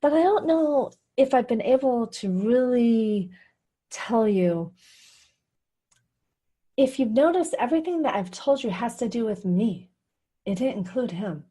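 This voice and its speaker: A woman's voice: fairly high pitch, animated, a little slow, pauses often, dark tone, breathy edge. A middle-aged woman hosting a radio show, telling her own life story in a candid, confessional way and often laughing. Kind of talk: personal storytelling monologue.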